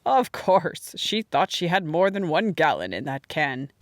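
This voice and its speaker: A woman's voice: low voice, sing-song, unhurried, no room sound. A woman reading the part of a kindly, dry-humored older handyman in an audiobook. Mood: amused. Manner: dry, matter-of-fact grumbling.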